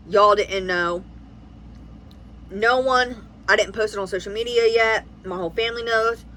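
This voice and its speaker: Young american woman rambling thru a storytime vlog, bright punchy voice, faint background noise. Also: mid-range voice, rough recording. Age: 20s. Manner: rambling, animated retelling with quoted dialogue. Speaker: family vlogger.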